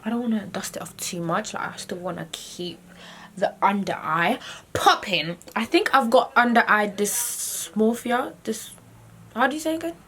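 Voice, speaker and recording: A woman in her twenties, chatting softly as she narrates her makeup steps at home. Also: mid-range voice, normal speed. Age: 20s. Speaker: vlogger. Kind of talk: casual chat. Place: at home, getting ready. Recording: noisy home video recording.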